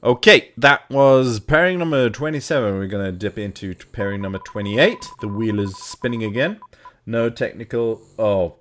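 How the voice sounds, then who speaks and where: A man's voice: fairly low pitch, moderate pace, fairly bright tone. A man co-hosting a casual live stream, talking to himself playfully while working at a computer. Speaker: co-host of a tabletop wargaming stream.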